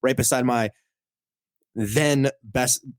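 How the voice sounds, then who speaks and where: A man's voice: mid-range voice, takes it slowly, no room sound. A man, a guest on a studio podcast, telling a long personal story in casual chat, full of "like" and acted-out quotes. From Canada. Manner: animated storyteller, fills speech with "like", acts out quoted lines. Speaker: podcast guest, comic collector.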